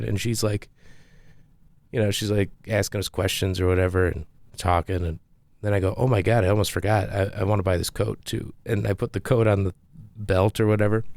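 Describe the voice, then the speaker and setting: A man's voice: lowish voice, creaky, darkish tone, dry recording. A man, a comedian, telling a rambling, self-deprecating story in a casual monologue with frequent restarts.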